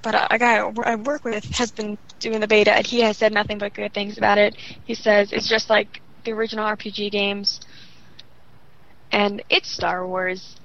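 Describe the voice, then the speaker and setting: A young woman chatting casually about games, talking quickly and rambling with lots of fillers. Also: mid-range voice, flat delivery, gravelly, a bit bright, lo-fi sound, slight background noise. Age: young adult. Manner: rapid, rambling, full of fillers. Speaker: guest gamer. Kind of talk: casual chat.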